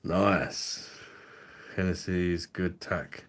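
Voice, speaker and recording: A man's voice: deep voice, level tone, drawn-out words. A man, hosting a drinks review livestream in a rambling, profane, laughing way. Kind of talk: casual livestream chat.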